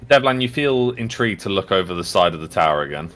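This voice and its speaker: Low-voiced male game master, loose and hesitant, faint music under him. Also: lively intonation, fast, a bit bright. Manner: rambling, full of fillers. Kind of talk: narrating a tabletop game.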